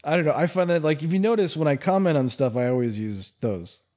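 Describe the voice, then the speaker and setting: A man's voice: on the high side, animated, fast, darkish tone. Chatty laughing man on a podcast. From California. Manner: chatty, laughs often, rambling storyteller. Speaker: podcast co-host. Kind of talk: casual chat.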